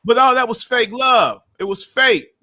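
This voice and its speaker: High, bright-voiced man talking emphatically. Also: normal speed. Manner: emphatic, repetitive, profane, frequent restarts. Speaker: guest YouTube creator. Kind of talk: casual chat.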